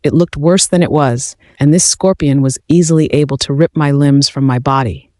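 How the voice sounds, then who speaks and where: A man reading a first-person fantasy story aloud in an even, steady narration. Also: on the high side, normal speed, dry recording, clean studio sound.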